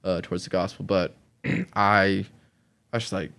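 A man's voice: low-pitched, little pitch movement, moderate pace, fairly bright tone, clear, resonant tone. A man from Oklahoma telling his own story on a podcast, rambling with many fillers and breaking into laughs between sentences. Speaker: guest sharing his testimony.

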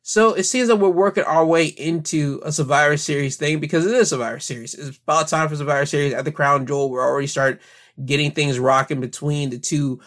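A man's voice: on the high side, brisk, fairly bright tone. A young man hosting a podcast, casually recounting wrestling events with frequent fillers. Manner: recounts events in future tense, filler-heavy. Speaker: podcast host.

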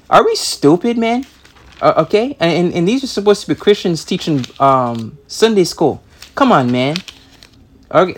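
A man preaching a sermon, emphatic and repetitive, stumbling over restarts as he reads scripture aloud. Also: a little high. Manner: emphatic, repeats words and stammers on restarts; reads scripture in King James wording. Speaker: pastor.

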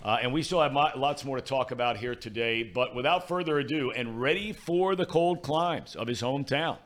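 A man's voice: mid-range voice, normal speed, fairly bright tone. A man hosting a sports talk show, upbeat and bantering. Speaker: host.

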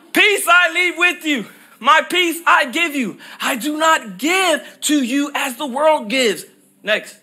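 A man preaching a sermon as pastor, with an emphatic, repetitive cadence that rises to shouted peaks on scripture. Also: very high-pitched, gravelly.

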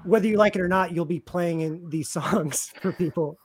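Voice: medium pitch, moderate pace, slightly rough. A radio show host casually interviewing a guest, rambling and repeating words while thinking aloud.

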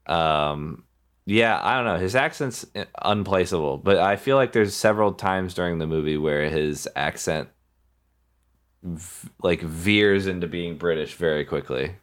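A man co-hosting a podcast, chatting casually about a film, halting and restarting often as he talks. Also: low-pitched, a bit bright. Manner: halting, with frequent restarts and fillers. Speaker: podcast co-host.

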